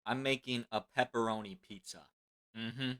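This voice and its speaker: Bright-voiced young man, mock-outraged. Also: mid-range voice, fairly even intonation, normal speed. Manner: mock-indignant, scolding, loud outbursts. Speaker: streamer. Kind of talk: comedic chat with an AI voice.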